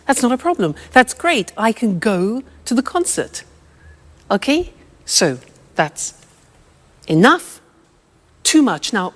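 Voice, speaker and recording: A woman teaching English vocabulary slowly and clearly, explaining step by step with examples. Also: medium pitch, long reverb tail. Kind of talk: slow, clear language lesson.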